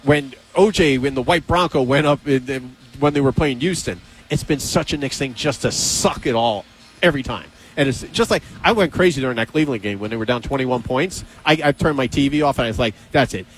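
Guy hosting sports radio, gets all fired up, jokey, normal pitch. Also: a little fast. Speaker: radio show host. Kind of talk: casual sports chat.

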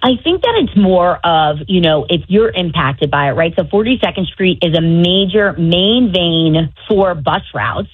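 A woman's voice: lowish voice, unhurried, few pauses, no room sound. A woman reporting live by phone from New York, explaining in a conversational way. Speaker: reporter calling in. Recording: husky phone line.

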